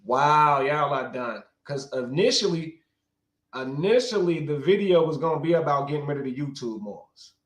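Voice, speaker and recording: A man rants through a livestream with a heated, profane delivery, talking straight to his viewers. His voice sits a little high for a man. The recording is echoey, with a roomy sound. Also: animated, moderate pace. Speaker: livestream commentator. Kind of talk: rambling livestream commentary.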